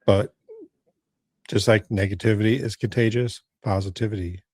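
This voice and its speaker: A man with a fairly low voice hosts a podcast interview, speaking calmly and agreeably. The sound is dry and close, with little room around him. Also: normal speed, slightly rough, dry recording. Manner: calm, agreeable, short affirmations. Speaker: podcast host, paranormal investigator. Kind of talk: casual interview chat.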